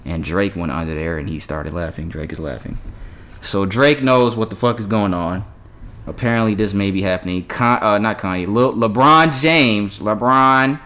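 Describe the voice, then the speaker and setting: A man's voice: low-pitched, normal speed. A man co-hosting a casual podcast, reading news aloud with offhand asides and quizzing his co-host.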